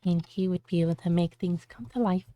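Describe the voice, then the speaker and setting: A woman's voice: on the low side, brisk, mellow, no echo. A woman streamer chatting casually on a live stream, bubbly, with cutesy baby-talk words.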